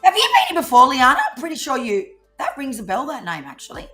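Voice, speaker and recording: Australian woman, live-stream co-host, bright chatty voice, playful teasing tone. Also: sits high, very animated, fast talker, soft background music. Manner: chatty, teasing, laughs often, Aussie slang. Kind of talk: casual live-stream chat.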